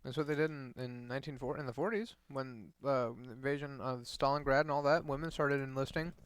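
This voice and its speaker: A man's voice: medium pitch, steady tone, fast talker, smooth, no room sound. A man in casual, profane podcast chat, blunt and opinionated, often restarting his sentences.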